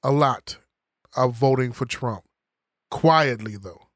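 A man in a casual political chat, quizzing and teasing the others, his voice rising when he gets excited. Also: medium pitch, takes it slowly, no echo, studio quality.

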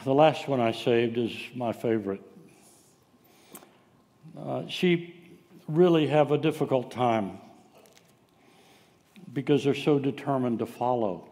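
A man's voice: medium pitch, takes it slowly, pauses often, mellow. Guy preaching a sermon, easygoing storyteller, lots of uhs, big church reverb. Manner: folksy storytelling, frequent "uh" fillers. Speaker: pastor.

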